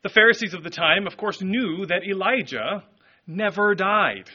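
A man preaching a sermon, telling the story in an animated, expressive way. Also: sits high, moderate pace, lo-fi sound. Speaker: pastor.

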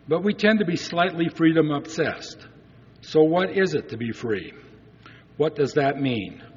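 A man's voice: medium pitch, husky. A man preaching a sermon in an earnest way, asking rhetorical questions to the congregation. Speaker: pastor. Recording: dull recording with long church reverb.

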